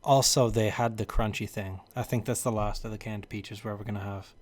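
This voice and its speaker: A man's voice: on the low side, fairly even intonation, fairly quick, a little mellow. A man co-hosting a podcast with his partner, talking in an easygoing, rambling way. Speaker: podcast co-host. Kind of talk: casual chat.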